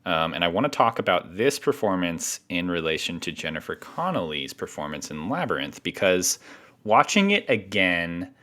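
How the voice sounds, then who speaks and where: A man's voice: deep voice, very animated, normal speed, pushed and bright. A man co-hosting a casual film podcast, chatty, with lots of fillers and restarts. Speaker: podcast co-host.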